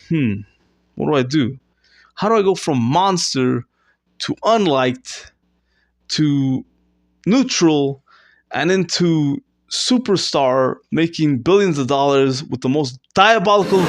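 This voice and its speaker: A man rambling through an improvised, self-mocking comedy monologue, with fillers and restarts. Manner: rambling, self-mocking, with sudden squeaky fake sobbing. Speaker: comedy vlogger. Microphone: close to camera.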